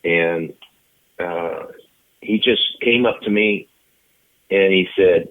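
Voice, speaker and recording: Deep-voiced older man telling stories. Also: slow pace, pauses often, phone-quality sound. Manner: animated anecdotal storytelling. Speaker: interview guest, retired baseball player. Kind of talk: storytelling interview.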